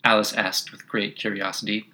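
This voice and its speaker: Bright-voiced male audiobook narrator. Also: fairly low pitch. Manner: measured, expressive storytelling.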